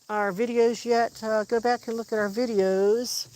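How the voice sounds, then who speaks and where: Heavy background noise surrounds a woman whose voice is on the high side, steady in tone and measured in pace. She hosts a livestream from her home kitchen and backyard, rambling in a friendly way from topic to topic and speaking to her dogs in sing-song baby talk.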